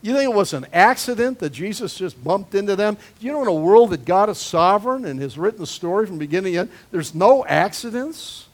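A man's voice: sits high, animated, fairly quick, few pauses. A male pastor preaching a sermon, conversational with emphatic swells on key phrases.

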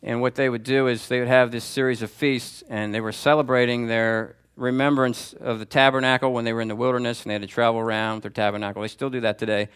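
A man's voice: mid-range voice, flat delivery, quick pace, few pauses, a bit bright, smooth. Pastor guy preaching to his church, chatty but punchy, repeats himself for emphasis. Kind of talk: sermon.

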